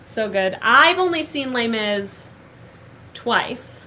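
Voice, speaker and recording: Young woman host, bright ringing tone, fairly high voice, gushing upbeat chat, faint background hiss. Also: lively intonation, takes it slowly, low-quality recording. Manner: gushing, upbeat, many "like" fillers. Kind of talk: casual chat.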